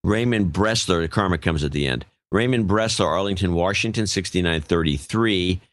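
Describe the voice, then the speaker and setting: A man's voice: low-pitched, normal speed, no room sound. A male podcast co-host in casual chat, reading out donor names in an offhand way and stumbling over some of them.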